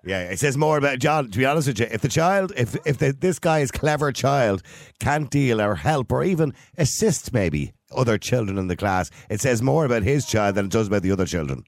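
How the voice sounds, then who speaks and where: A man hosting a radio phone-in debate, moderating heated callers and stepping in to calm them. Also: mid-range voice, brisk, dry recording, studio quality. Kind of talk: live radio call-in debate.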